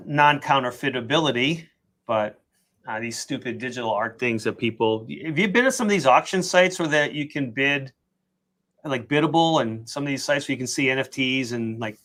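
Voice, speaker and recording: A man's voice: medium pitch, fairly bright tone. A man co-hosting a casual live stream, giving opinionated, rambling explanations.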